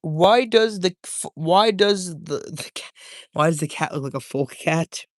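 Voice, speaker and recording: A man's voice: on the high side, animated, measured pace, dry recording, clean studio sound. A young man casually chatting with his livestream viewers at home, loose and rambling, peppering his talk with dude and bro. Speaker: livestreamer reading chat.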